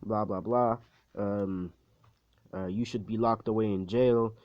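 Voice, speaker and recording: Man voicing an arrogant male student hero, condescending, mocking, low voice, dull lo-fi sound. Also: steady tone, unhurried, dry recording, lightly acted. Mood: scolding. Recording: dull, dry lo-fi recording.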